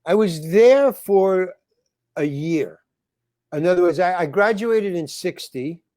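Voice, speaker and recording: As an interview guest, an older comedian and actor rambles through stories, restarting frequently and acting out quoted lines. His voice is high-pitched and dark in tone, with lively intonation and a slow pace, captured in a dry, studio-quality recording.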